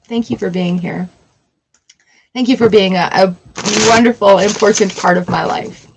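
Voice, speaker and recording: A woman in her forties chatting casually on a tarot livestream, emotional and quick to laugh. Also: mid-range voice, creaky, a little hiss or hum, low-quality recording. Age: 40s. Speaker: tarot reader.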